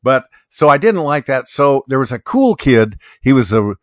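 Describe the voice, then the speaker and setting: A man's voice: mid-range voice, normal speed, no room sound, clean studio sound. An older man co-hosting a podcast, telling stories in a casual chat with chuckles. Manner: storytelling, chuckling, animated. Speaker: podcast co-host.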